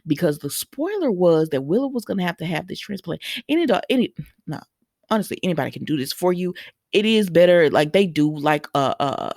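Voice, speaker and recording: A woman's voice: lowish voice, big pitch swings, fairly quick, vocal fry, a little mellow, no room sound, clean studio sound. A woman casually recapping soap opera episodes for viewers, retelling scenes with quoted lines and adding opinionated asides. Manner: opinionated asides scolding characters.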